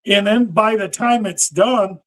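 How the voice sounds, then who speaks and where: A man who works as a professional Santa, speaking as a guest in a casual interview. His voice is high for a man and he talks slowly. He is earnest and pauses on fillers. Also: fairly bright tone.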